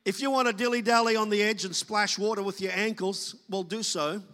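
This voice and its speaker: A man's voice: sits high, fairly even intonation, a little fast, bright, forceful tone, big-room sound. A man preaching a sermon as pastor, talking to the congregation in a loose, conversational way and acting out quoted voices.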